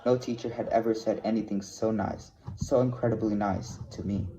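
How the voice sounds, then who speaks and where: Man reading a novel aloud, low and mellow. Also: steady tone. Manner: plain, measured reading with small slips. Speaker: reader of a novel. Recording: dull lo-fi recording with faint hiss.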